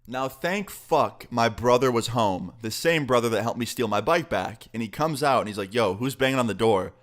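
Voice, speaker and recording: Young man telling a profane storytime. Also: moderate pace. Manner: profane, animated, quotes people with pitch jumps. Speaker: storytime vlogger. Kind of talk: casual storytelling.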